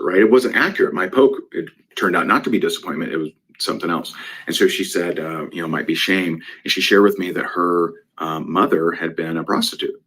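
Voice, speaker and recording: A man's voice: low voice, a bit bright, husky. A man speaking as a guest business coach, telling a client story in a conversational way and often asking "right?".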